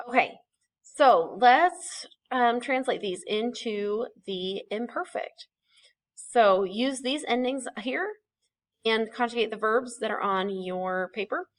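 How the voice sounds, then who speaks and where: A woman talks through a recorded classroom lesson at an ordinary pitch. She explains patiently, step by step, and corrects herself as she goes, with the odd "um" along the way. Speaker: Spanish teacher.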